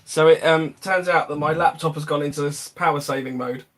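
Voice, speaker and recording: A man's voice: a little high, steady tone, brisk, a bit bright. A man co-hosting a casual podcast chat, laid-back and swearing casually. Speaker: podcast co-host.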